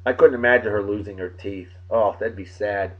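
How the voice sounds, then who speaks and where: A man hosting his own casual webcast, rambling and crude and quick to get riled. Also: fairly low pitch, fairly even intonation, muffled recording. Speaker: show host.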